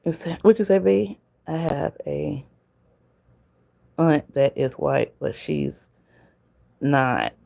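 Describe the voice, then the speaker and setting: On a casual livestream, a woman from the Southern United States speaks to viewers in the chat with a Southern accent and frequent laughter. She talks slowly, with long pauses, in a low, warm voice marked by vocal fry.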